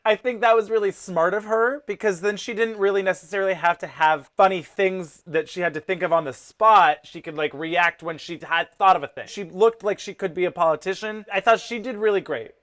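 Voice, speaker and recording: A relaxed co-host with a voice of middling pitch talks through a show review. The talk is reflective, broken up by easy laughs and acted-out quotes. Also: fairly quick, few pauses. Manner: thoughtful, laughs easily, acts out quotes. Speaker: podcast co-host. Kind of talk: casual review chat.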